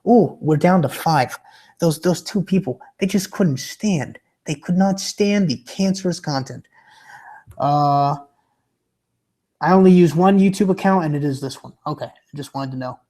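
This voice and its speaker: A young man livestreaming and chatting with viewers, stammering and restarting a lot, his voice rough from a sore throat and his pitch wandering up and down. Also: unhurried, warm tone. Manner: rambling, stammering, with many restarts; pitch fluctuates, drifting into a bouncy entertainer's voice. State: sore throat from being sick. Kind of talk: casual chat reading viewer comments.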